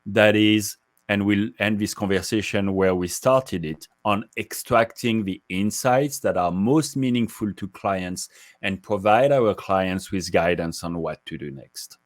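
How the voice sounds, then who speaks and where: Male guest expert, low voice, measured and explanatory, dry close sound. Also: no echo. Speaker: guest, market research executive. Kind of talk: interview answers.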